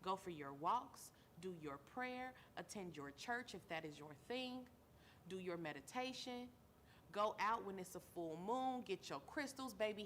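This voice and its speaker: A weary woman host speaks earnestly to her listeners at a middle pitch, building her points through repetition. A faint hum of noise sits beneath her voice. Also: fairly bright tone. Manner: earnest, repeats phrases for emphasis, calls listeners baby. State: tired. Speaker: show host; mother. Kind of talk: heartfelt talk-show monologue.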